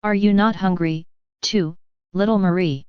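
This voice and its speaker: A frank, hearty widowed farmer speaks, as a woman reads him in a very clear, slightly low voice. The recording is dry and a little dull, like a plain audiobook track. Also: fairly even intonation, a little slow, dry recording, lightly acted.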